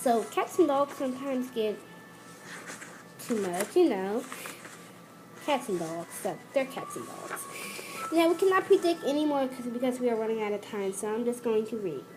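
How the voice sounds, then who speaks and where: A host of a children's lesson reading a picture book aloud and explaining it slowly to kids, with restarts and asides. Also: mid-range voice, animated, background noise.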